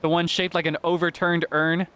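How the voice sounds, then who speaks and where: A man's voice: a little high, level tone, moderate pace, sharp tone. A man reading a chatty doom-saying traveler. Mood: ominous. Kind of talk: reading game dialogue aloud.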